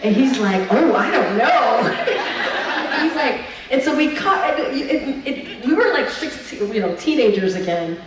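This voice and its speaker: Woman telling stories onstage, kinda high voice, big echoey hall, sounds far from the mic. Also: measured pace, noisy background. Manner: lively, chatty storytelling. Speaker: featured speaker. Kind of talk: speech and onstage Q&A. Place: large event hall at a brunch.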